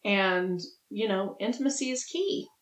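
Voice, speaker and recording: A woman's voice: medium pitch, expressive, a little slow, roomy sound, poor audio. A woman co-hosting a podcast in casual chat, playful and teasing, laughing often. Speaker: podcast co-host.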